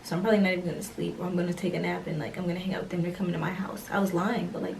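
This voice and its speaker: A young woman vlogger telling a storytime tale casually, acting out the dialogue with slangy, animated delivery. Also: on the low side, racing, vocal fry, recorded from a distance, slight background noise, rough recording.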